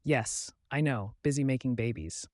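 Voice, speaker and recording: A woman's voice: rumbling low, moderate pace, darkish tone, no room sound, studio quality. A man voicing a reproachful, sobbing Scottish woman friend in an audiobook. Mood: bitter.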